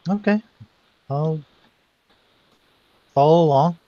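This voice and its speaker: A man's voice: on the high side, warm tone, no room sound. A man playing a character in a tabletop game, answering hesitantly. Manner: hesitant, slow. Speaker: player. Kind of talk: tabletop role-play. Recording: dull lo-fi mic.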